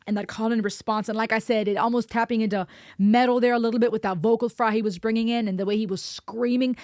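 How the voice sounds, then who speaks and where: Woman host of a music reaction channel, emphatic and heartfelt, recorded dry with no room echo. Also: fairly high pitch. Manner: earnest, impassioned, emphatic with repetition. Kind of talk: reaction video commentary.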